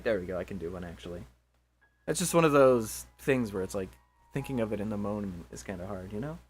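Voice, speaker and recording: A man reading a visual novel aloud as its narrator, expressive and chatty, breaking off into jokey asides. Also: fairly low pitch, fast talker, faint music behind. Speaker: visual novel reader, channel host.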